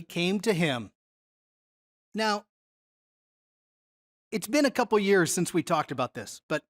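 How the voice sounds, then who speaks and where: A Bible teacher giving a conversational Bible study lesson, often putting questions to the audience. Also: mid-range voice.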